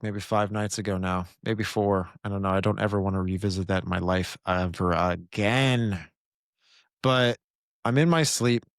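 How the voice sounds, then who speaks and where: A low-pitched man hosting a podcast tells a story in an animated, intense way, stumbling and restarting as he goes. His voice is close and dry, with hardly any room around it. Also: no room sound. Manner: animated, intense retelling with many restarts and fillers. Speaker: podcast host. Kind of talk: casual storytelling.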